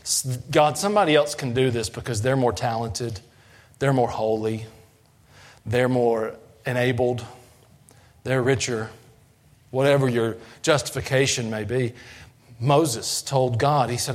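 Folksy pastor preaching. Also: male voice, steady tone, a little slow, long pauses. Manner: folksy, asks the congregation questions, rises in pitch and force when preaching. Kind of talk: sermon.

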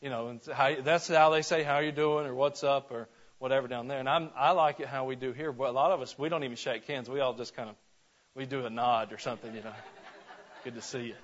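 A man's voice: mid-range voice, steady tone, a little fast, a bit bright, lo-fi sound. A man from Georgia preaching a conversational sermon to his church, folksy and full of questions to the congregation. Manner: folksy, asks the congregation questions, frequent restarts. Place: church sanctuary.

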